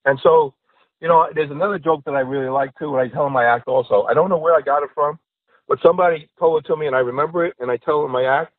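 Comedian guest, male, rambling joke-teller, rapid and a touch husky, phone-thin. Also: a little high, no room sound. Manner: rambling, repeats "you know". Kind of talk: casual chat and joke telling. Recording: tinny phone-like line, dry.

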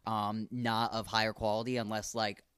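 A man's voice: on the low side, level tone, normal speed, fairly bright tone, clean tone, no echo, studio quality. A man co-hosting a music podcast, talking casually with frequent restarts and fillers. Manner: hesitant, restarting, many fillers. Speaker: podcast co-host.

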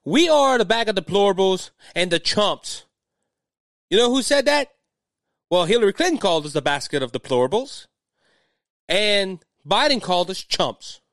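A middle-aged man from Louisiana with a Cajun accent hosts a political podcast, talking in an agitated, rambling manner and often repeating words. His high, sing-song voice is fairly bright and moves at a moderate pace. The recording is dry with clean studio sound.

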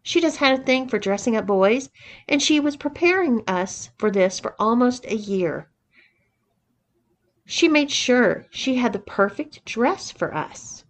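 Woman reading sheepish young man, matter-of-fact, storybook voice, slightly high. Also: lively intonation, measured pace. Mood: recounting. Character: sheepish young man recounting camp humiliation.

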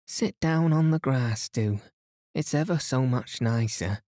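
A man voicing a lively, cheerful young woman with an eager manner. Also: medium pitch, measured pace, no echo, clean studio sound, voice pushed up, lightly acted.

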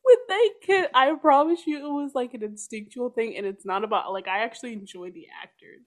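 A woman chatting casually about a TV show, animated and laughing often as she acts out characters' lines. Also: fairly high pitch, brisk. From part Jamaican family. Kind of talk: casual chat.

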